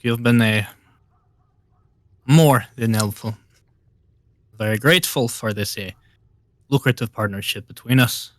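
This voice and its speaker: A male player voicing a polite, diplomatic vampire in a live-streamed tabletop game, speaking in a slightly halting way. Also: mid-range voice, close to an everyday voice. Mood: courteous.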